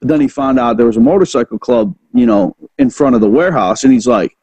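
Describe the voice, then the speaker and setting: Mellow laid-back man chatting. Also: mid-range voice, lively intonation, quick pace, husky, rough recording. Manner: laid-back, peppers talk with "dude" and "man". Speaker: podcast host. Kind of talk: casual chat.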